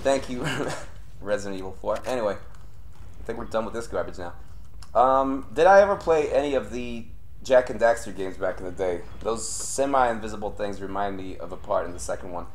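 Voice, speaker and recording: A young man streaming live gameplay and commenting as he plays. He swears often and swings between low grumbling and sudden yelling. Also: animated, normal speed, a little hiss or hum. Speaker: streamer playing a horror game.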